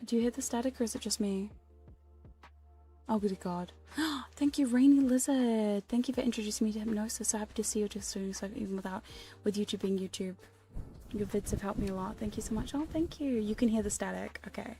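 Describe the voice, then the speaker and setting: A woman chatting in a whispered ASMR livestream, soft and breathy, laughing and swearing casually between close-mic whispers. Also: medium pitch, fairly even intonation, fast talker, faint music behind. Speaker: ASMR hypnosis streamer. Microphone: studio condenser mic close up.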